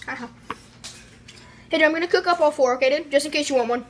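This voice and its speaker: A woman's voice: sits high, fast, a little hiss or hum. A young woman filming a food challenge at home in her kitchen, casually bossing and teasing her friend. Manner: bossy, teasing, laughing. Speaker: co-host filming.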